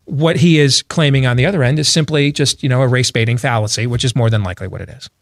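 A man's voice: mid-range voice, quick pace, gravelly, no room sound, clean studio sound. A man hosting a talk radio show, reading an ad and arguing in a brash, rambling way. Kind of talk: talk radio commentary and ad read.

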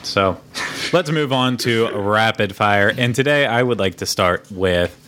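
Guy hosting a casual podcast, lowish voice, laid back and kinda rambly. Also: measured pace, fairly bright tone, a little hiss or hum. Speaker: podcast host. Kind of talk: casual chat.

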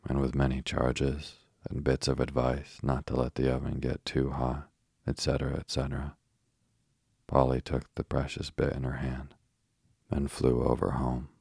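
A man narrating a children's storybook as an audiobook, reading in a steady, even way. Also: very deep voice, moderate pace, gravelly, breathy edge, dry recording, studio quality. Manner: steady, even reading with little rise and fall.

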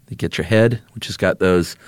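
A man's voice: low voice, normal speed, clean tone, no echo. A man co-hosting a podcast in casual chat, laid-back and joking as he lays out facts plainly. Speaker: podcast co-host.

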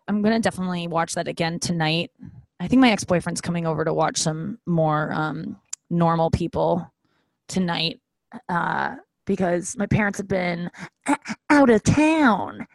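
A young woman vlogger talks candidly at home, rambling and self-deprecating with joking asides. Her voice is fairly low and gravelly, and the recording is dry.

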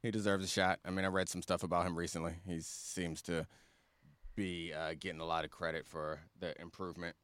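A man's voice: low-pitched, little pitch movement, brisk, fairly bright tone, no room sound. A man co-hosting a sports podcast, giving easygoing, opinionated takes in loose casual phrasing. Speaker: podcast co-host.

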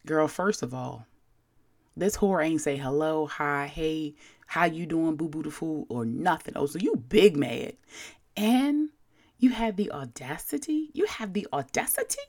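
Sassy gravelly woman storyteller. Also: sits low, animated, normal speed. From Baltimore. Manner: sassy, sarcastic, dramatic. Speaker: podcast host. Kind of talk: casual storytelling monologue.

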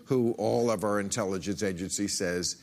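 A man's voice: fairly low pitch, moderate pace, a little mellow. A man hosting a talk show, grilling his guest with sarcastic, needling questions and frequent interruptions. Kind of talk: combative interview.

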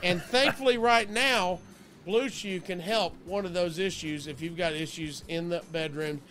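A podcast co-host with a noticeably high voice, pitching a sponsor in an upbeat, joking way. He keeps the patter going between bits of banter. Faint background noise runs underneath. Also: normal speed, fairly bright tone. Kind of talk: casual chat, live-read ad.

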